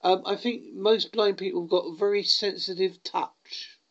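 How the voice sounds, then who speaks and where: A woman's voice: mid-range voice, steady tone, moderate pace, lo-fi sound, a little hiss or hum. A woman interviewing a guest, speaking hesitantly and politely. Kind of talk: casual interview.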